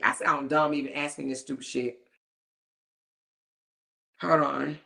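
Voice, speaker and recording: A woman's voice: low voice, normal speed, vocal fry, pauses often, pushed and bright. A woman hosting a casual commentary talk show, speaking sassily with lots of profanity, mockery and laughter. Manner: sassy, profane, mocking, laughs often. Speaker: commentary host.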